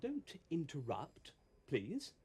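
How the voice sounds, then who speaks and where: A man's voice: on the high side, huge pitch swings, slow pace, a little mellow, breathy edge, heavily acted. An actor playing a self-important man at a library, speaking in a stiff, proud way. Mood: pompous. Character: pompous male library visitor proud of ancestry. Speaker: actor in a teaching sketch.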